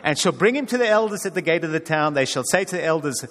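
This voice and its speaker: A man's voice: fairly high pitch, lively intonation, fast, fairly bright tone, in a large hall. A man preaching a sermon as pastor, conversational with wry humor.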